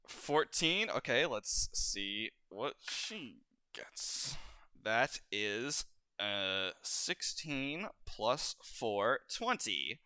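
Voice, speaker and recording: Game master, male, animated and laughing; smooth voice, dry sound. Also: on the low side, extremely slow, no room sound. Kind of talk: narrating a tabletop game.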